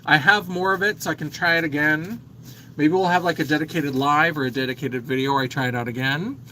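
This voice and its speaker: A man's voice: a little high, a little fast, pushed and bright, slight background noise, poor audio. A man in his thirties hosting a casual makeup livestream, chatting and reading viewer comments aloud. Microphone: phone.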